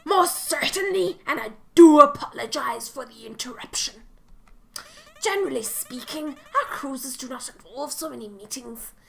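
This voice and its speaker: A woman's voice: high voice, lively intonation, moderate pace, creaky, fairly bright tone, pitched below the performer's own voice, heavily acted. A woman voicing a scheming middle-aged male cruise host with a put-on Scottish accent, grand and theatrical. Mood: smooth.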